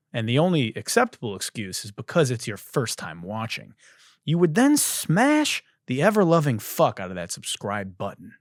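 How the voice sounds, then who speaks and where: Animated, swearing male podcast host. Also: medium pitch, no echo, clean studio sound. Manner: animated, profane ranting. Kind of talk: comedic monologue.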